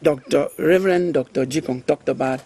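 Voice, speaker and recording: A man's voice: on the high side, brisk. A man hosting a panel debate, pressing guests with questions and insisting on taking turns. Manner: pressing, questioning, asks for calm turn-taking. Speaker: talk show host.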